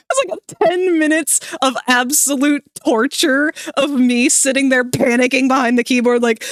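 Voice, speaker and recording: A young woman streaming live while drawing, chatting casually with her viewers, sleepy but breaking into animated, laughing bursts. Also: high-pitched, moderate pace, hardly any pauses, no echo.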